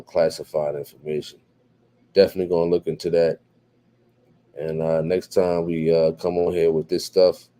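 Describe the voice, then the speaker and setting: A tired man talks casually through a live fight stream and answers viewers' chat. His voice sits a little low and sounds dark and mellow. He drifts along with repeats and fillers. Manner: laid-back, repeats himself, many fillers like "what have you". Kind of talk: casual livestream commentary.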